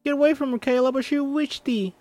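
A man's voice: very high voice, steady tone, fairly quick, darkish tone, no room sound, soft background music, pitched above the performer's own voice. A man reading the part of an earnest teenage Puritan boy, speaking in old-fashioned words with a raised voice. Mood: urgent.

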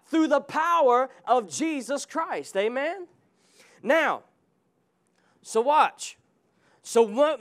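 Male pastor, very high voice, fervent sermon delivery with congregation call-outs. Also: fairly bright tone. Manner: fervent preaching with call-and-response asides. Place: church sanctuary.

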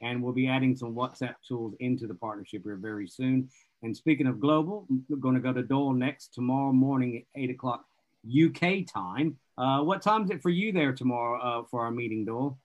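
A man's voice: mid-range voice, a little fast. A man casually hosting an online networking event, handing over to speakers and joking about being bad with names. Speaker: host. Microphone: video call. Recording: dull lo-fi video call audio.

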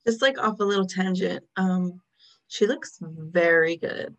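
A woman's voice: on the low side, a little slow, fairly bright tone. A woman in a casual chat who mostly adds short comments and asks questions about the episode. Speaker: podcast co-host.

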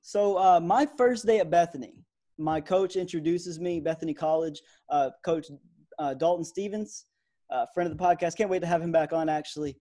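A young man in his twenties co-hosting a podcast, chatting in a relaxed way with lots of fillers. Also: fairly high pitch, normal speed. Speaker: podcast co-host. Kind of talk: casual sports podcast chat.

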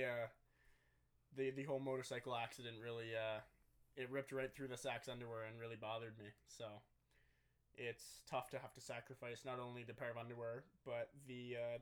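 A man in casual podcast chat, rambling through a story at an easy, mid-range pitch. He swears freely and talks loosely, like he's among friends. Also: fairly even intonation, normal speed, clean tone. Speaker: podcast co-host.

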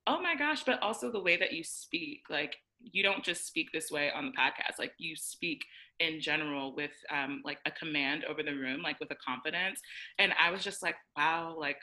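Bright-voiced young woman telling stories. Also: low-pitched, normal speed, low-quality recording. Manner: animated storytelling, acts out quotes, many "like" fillers. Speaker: podcast co-host. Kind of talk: casual chat.

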